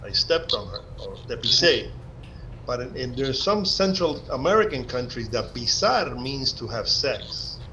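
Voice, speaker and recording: A man from Cuba with a Cuban Spanish accent tells stories on a video call. His voice sits at a middle pitch, and the sound is dull and lo-fi with a faint noise floor. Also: very animated, a little slow, sharp tone. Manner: anecdotal storyteller. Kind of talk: casual chat on a video call.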